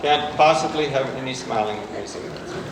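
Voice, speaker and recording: A man's voice: mid-range voice, a little fast, noisy background. A man directing a choir rehearsal, playfully calling out cues, bar numbers and counts. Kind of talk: rehearsal coaching. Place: rehearsal room. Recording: echoey hall, music playing behind.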